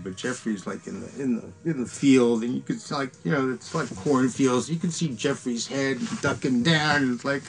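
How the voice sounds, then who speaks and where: A man's voice: medium pitch, moderate pace, gravelly, few pauses, rough recording. A man, a former band member, telling rambling, profane stories in a casual interview. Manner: rambling, profane, laughs through anecdotes.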